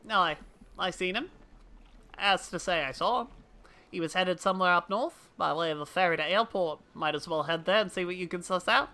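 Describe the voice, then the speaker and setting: A woman's voice: lowish voice, brisk, sharp tone. A woman reading the lines of a plain-spoken, helpful dockside man in a game.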